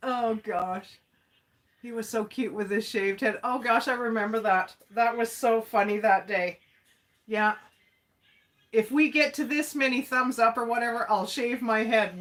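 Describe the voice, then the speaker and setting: Crafting on a casual livestream, this Alberta, Canada host is chatty, folksy, and quick to laugh. Her voice sits on the high side and sounds a bit bright, at a measured pace.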